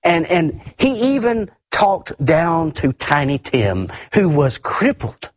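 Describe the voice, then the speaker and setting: A man preaching a sermon emphatically, often repeating words and swinging his pitch up and down. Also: big pitch swings, slow pace, no echo.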